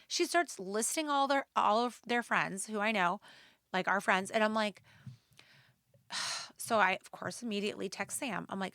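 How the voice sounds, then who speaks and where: A woman podcast co-host telling a story in casual chat, animated and acting out the quotes. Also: mid-range voice, normal speed, no echo, clean studio sound. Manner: animated, acts out quotes, exasperated asides.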